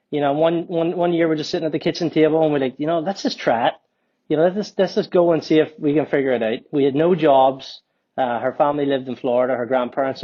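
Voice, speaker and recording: A man in his forties from Northern Ireland with a Northern Irish accent, a company co-founder telling his story as a podcast guest in a relaxed, rambling way. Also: medium pitch, muffled recording. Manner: relaxed, rambling, many ums and restarts. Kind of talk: casual storytelling interview.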